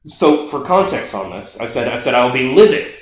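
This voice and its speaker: A young man co-hosting a podcast, telling a story in casual chat with lots of swearing and animated excitement. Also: mid-range voice, normal speed. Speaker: podcast co-host. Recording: echoey room.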